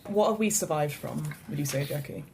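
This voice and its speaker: A woman's voice: deep voice, a little fast, a little mellow, a little hiss or hum. A woman hosting a tabletop role-playing game, explaining the setup with hesitant restarts and frequent laughs. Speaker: game master. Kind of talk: casual tabletop game chat.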